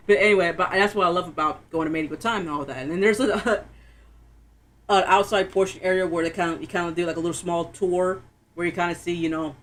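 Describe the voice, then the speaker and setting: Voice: medium pitch, a little fast. Chatty streamer telling stories. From Florida, USA. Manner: animated storyteller, laughs often, acts out quotes. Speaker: game streamer. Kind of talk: casual chat while playing.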